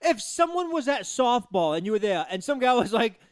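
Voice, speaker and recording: A man co-hosting a casual sports talk show, animated and profane, often laughing. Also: very high-pitched, a little fast, noisy background. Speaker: podcast co-host.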